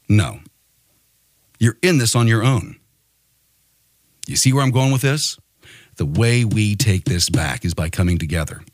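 A man's voice: fairly high pitch, fairly bright tone, dry recording, studio quality. Rousing male podcast host. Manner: rousing, full of rhetorical questions. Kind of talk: political podcast monologue.

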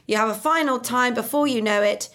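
A woman's voice: a little high, fairly quick, a bit bright. A woman hosting a comic radio show, brash and mocking, brushing others off.

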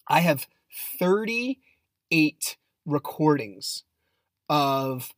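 A man's voice: fairly high pitch, expressive, very slow, dry recording. Blunt, heated man on a dry mic. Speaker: podcast host. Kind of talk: casual podcast monologue.

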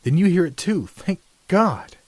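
Man doing anxious young male student, urgent, pleading, mellow low voice. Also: normal speed, breathy edge, dry recording.

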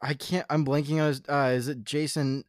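Male co-host, mid-pitched, dry close-mic sound, playful ribbing. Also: little pitch movement, a little fast, no echo. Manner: teasing, joking banter. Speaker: podcast co-host. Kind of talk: casual chat.

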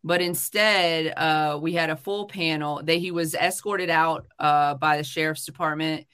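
Woman streamer ranting, bright sharp voice, lots of ums and swearing. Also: low voice, steady tone, measured pace, clean tone. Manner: heated, swearing, many fillers and restarts. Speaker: livestream host. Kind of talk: casual livestream chat. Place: home livestream.

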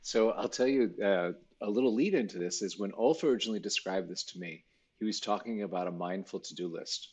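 Deep husky male, relaxed interview guest, self-deprecating and easygoing. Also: brisk. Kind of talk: casual interview talk.

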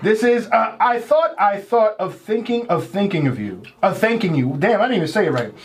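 A man hosting a casual party game with friends, playful and quick to laugh and hype them up. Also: sits high, sing-song. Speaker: game host.

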